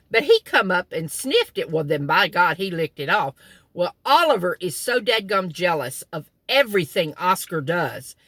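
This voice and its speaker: A middle-aged woman sits in a car telling folksy family stories for her casual vlog, chuckling as she goes. Her voice is lowish, bright, and forceful, and the recording is dry.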